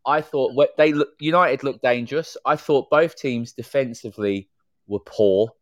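In a dry recording, a male podcast co-host with a mid-range voice talks at normal speed. He's chatty and speaks freely, stringing his thoughts together with "you know."

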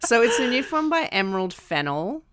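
A woman's voice: a little high, big pitch swings, brisk, fairly bright tone. Enthusiastic woman co-host. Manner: enthusiastic, rambling. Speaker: podcast co-host. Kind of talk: casual chat.

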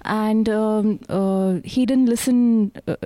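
A woman with an Indian English accent, an author answering interview questions in a measured way with pauses. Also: mid-range voice, fairly even intonation, dark tone. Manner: measured, hesitant with fillers. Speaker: author guest.

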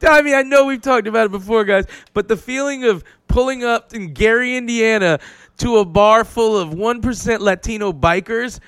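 A man, a stand-up comedian, telling stories in a casual podcast chat, animated, loud and profane. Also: sits high, moderate pace, smooth, dry recording.

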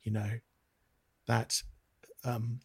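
A man's voice: medium pitch, level tone, very slow, gravelly, a bit bright, breathy edge. A middle-aged British man, a pastor, giving an earnest, reflective interview answer with frequent restarts. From Britain.

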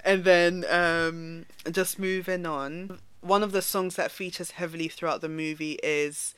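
Bright, crisp-voiced woman explaining casually. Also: fairly low pitch, a little slow, dry recording. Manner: relaxed, explanatory, frequent ums. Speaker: podcast co-host. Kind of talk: casual film-review chat.

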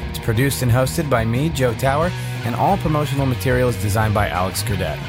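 A man's voice: mid-range voice, brisk. A man hosting a podcast, reading the closing announcements and plugs in a plain, friendly way. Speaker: podcast host and producer. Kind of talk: scripted outro announcements. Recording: music playing under the voice.

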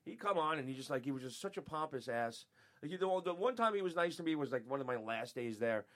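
Profane, animated man telling stories. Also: on the high side, fast talker. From upstate New York. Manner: profane, animated, laughing, acts out quotes. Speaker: guest, former radio show staffer. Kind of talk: casual storytelling chat.

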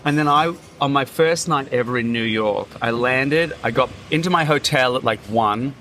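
Bright-voiced man telling vivid stories. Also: mid-range voice, moderate pace, slight background noise. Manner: vivid, theatrical storyteller. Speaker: podcast guest, comedian. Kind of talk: casual storytelling chat.

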